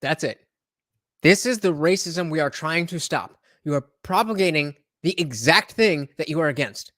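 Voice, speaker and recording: A man's voice: on the high side, lively intonation, normal speed, a bit bright, no echo, studio quality. A man hosting a reaction livestream who talks in a hesitant way with many fillers. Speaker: livestream host.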